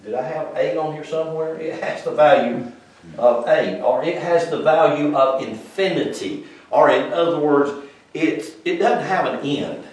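A man preaching an informal sermon, moving between loud emphatic passages and quiet explanation, with folksy grammar. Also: on the high side, a little slow. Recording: echoey room, mic far off.

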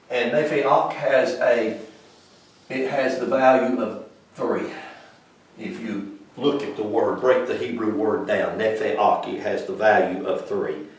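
Folksy preacher man in an echoey room. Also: mid-range voice. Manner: swings from loud preaching to quiet explaining, folksy grammar. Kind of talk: informal sermon teaching. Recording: echoey room, mic far off.

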